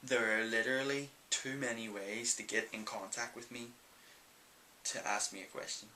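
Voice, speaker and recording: A man's voice: mid-range voice, little pitch movement, moderate pace, pushed and bright, a little hiss or hum, poor audio. A young man with a Northern Irish accent, answering viewer questions in a casual, rambling vlog full of ums. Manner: chatty and rambling, many ums. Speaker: vlogger.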